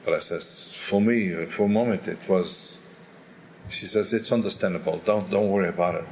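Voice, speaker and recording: Older male singer, lowish voice, candid storyteller acting out crowd noise; faint background hiss. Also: moderate pace. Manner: animated storyteller who imitates crowd noises. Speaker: opera singer telling stories. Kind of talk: candid interview anecdotes.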